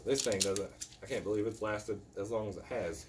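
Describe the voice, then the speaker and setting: A man's voice: fairly low pitch, brisk, noisy background. A man from Indiana teaching a hands-on medical class in a casual, blunt, joking way. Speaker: tactical medicine instructor.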